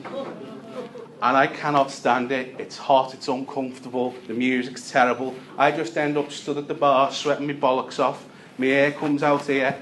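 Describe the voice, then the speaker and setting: A young man from Liverpool with a Liverpool accent doing a stand-up set, deadpan storytelling with punchlines. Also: medium pitch, normal speed, a little hiss or hum. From Liverpool, England. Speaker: stand-up comedian.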